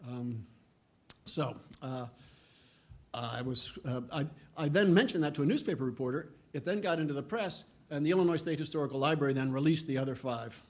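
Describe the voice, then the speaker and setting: A man's voice: fairly high pitch, a little fast. A middle-aged man giving a history lecture, earnest, with frequent restarts and a lift in voice when reading quotations. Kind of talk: public lecture.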